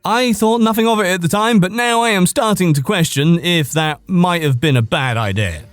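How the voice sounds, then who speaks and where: A man's voice: high-pitched, moderate pace, clear, resonant tone, no echo, soft background music. A man hosting a podcast, reading online posts aloud in a casual way, now and then cracking up laughing and tripping over words. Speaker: podcast host reading stories.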